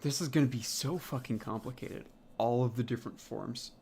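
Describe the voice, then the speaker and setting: A man's voice: medium pitch, normal speed, vocal fry, darkish tone, a little hiss or hum. A man thinking aloud as he builds a language, muttering, swearing and sounding out invented words again and again. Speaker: language creator. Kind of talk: thinking aloud while working.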